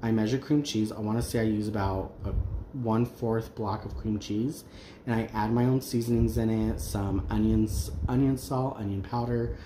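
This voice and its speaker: A man's voice: fairly low pitch, steady tone, moderate pace, warm tone. A man hosting a crafting channel, chatting casually and candidly while he works, with many ums and restarts. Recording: roomy echo, faint background noise.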